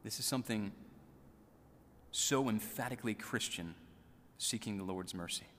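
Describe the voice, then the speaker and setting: A man preaching a sermon in an earnest, measured way, repeating scripture lines softly. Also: fairly low pitch, big-room sound, slight background noise. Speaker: priest.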